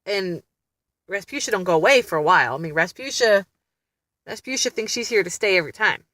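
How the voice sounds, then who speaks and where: Candid, laughing mom vlogger. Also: female voice, medium pitch, expressive, fairly quick, pushed and bright, dry recording. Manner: chatty, candid storytelling with frequent laughter; exasperated, blunt. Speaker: mother vlogging about family therapy. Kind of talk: casual vlog chat.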